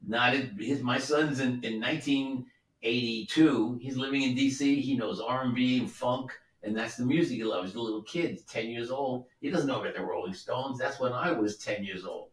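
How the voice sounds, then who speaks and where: The mic sits at a distance in a roomy space, with slight background noise, as a record producer and guest musician in his seventies rambles through easygoing anecdotes with plenty of tangents. His voice is medium in pitch at a moderate pace.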